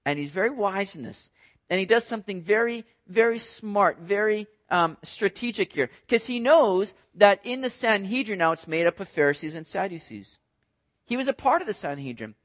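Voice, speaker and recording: High-voiced man teaching the Bible. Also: expressive, moderate pace, fairly bright tone. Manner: conversational, explanatory, with fillers.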